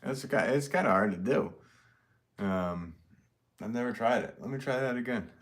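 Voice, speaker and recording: A man's voice: mid-range voice, animated, normal speed. A man from Connecticut, a potter, chatting casually and reading out comments on a live stream. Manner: rambling, easygoing, many fillers. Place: pottery studio. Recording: noisy background.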